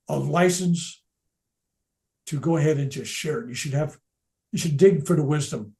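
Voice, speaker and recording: An older man telling personal spiritual stories in a relaxed, unscripted way. His voice sits slightly high for a man and has a warm, mellow tone. He stumbles and restarts his sentences, and he sinks into soft, near-whispered words for emphasis. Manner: animated storyteller, drops to near-whispers, restarts often. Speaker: speaker at a veterans event. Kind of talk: spoken personal storytelling.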